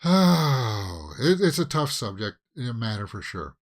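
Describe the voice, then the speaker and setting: A man's voice: medium pitch, sing-song, unhurried. Chatty male movie news host. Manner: chatty, opinionated, many fillers and restarts. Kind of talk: casual commentary.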